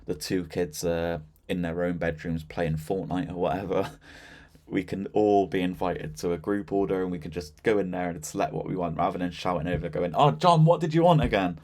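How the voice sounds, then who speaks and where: A man with a notably deep, low-pitched voice talks through a software demo in an easy, conversational way. He fills gaps with "um" and "so yeah" and never sounds scripted. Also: normal speed, hardly any pauses. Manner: relaxed and chatty, with frequent fillers and "so yeah". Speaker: software demonstrator. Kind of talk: casual screen-share product walkthrough.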